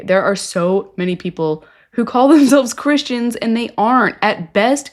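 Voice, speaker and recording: A woman hosting a reaction video, recapping and sarcastically commenting in a casual, animated way. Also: on the high side, measured pace. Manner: animated, sarcastic, acts out quotes in voices. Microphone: home recording setup.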